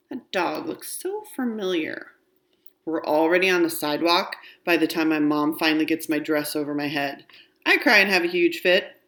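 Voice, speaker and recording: A woman with a low voice reads a children's chapter book aloud. Her first-person narration is expressive and story-like. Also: normal speed. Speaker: storybook reader.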